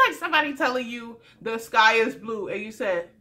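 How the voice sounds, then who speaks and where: A young woman recapping a reality TV episode in a sassy, animated way, laughing often. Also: fairly high pitch, brisk, hardly any pauses. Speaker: recap vlogger.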